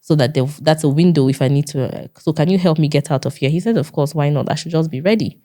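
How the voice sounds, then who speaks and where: Woman, Nigerian accent, very low voice, earnest storyteller, interview guest. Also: quick pace, warm tone. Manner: earnest storytelling, repeats herself, acts out quoted dialogue.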